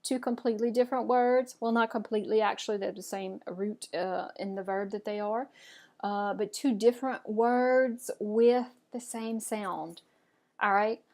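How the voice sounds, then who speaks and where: A woman's voice: medium pitch, fairly even intonation, normal speed, darkish tone. Encouraging woman teaching French pronunciation. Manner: clear, encouraging, has learners repeat after her. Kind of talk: pronunciation lesson.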